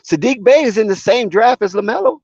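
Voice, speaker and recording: A man's voice: high voice, lively intonation, brisk, darkish tone, breathy edge, no echo. Opinionated male sports commentator, dull lo-fi sound. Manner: opinionated, conversational.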